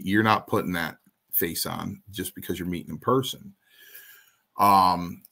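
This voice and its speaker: A man's voice: low voice, a bit bright. A man guest in an interview, telling a story in a casual way and acting out the other voices in his quotes.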